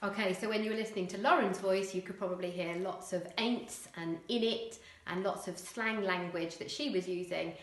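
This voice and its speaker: A woman primary school teacher explaining a writing lesson clearly, with occasional fillers. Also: mid-range voice, fairly even intonation, normal speed, few pauses, roomy sound, a little hiss or hum.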